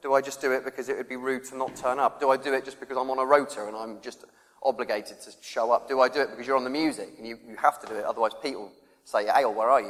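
A man's voice: on the high side, fairly bright tone. A man preaching a conversational sermon, acting out quoted voices and laughing often. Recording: long reverb of a church hall.

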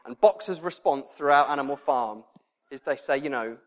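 Animated male preacher in a hall. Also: a little high, normal speed. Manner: animated storytelling with laughter. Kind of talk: sermon. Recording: long reverb in a hall.

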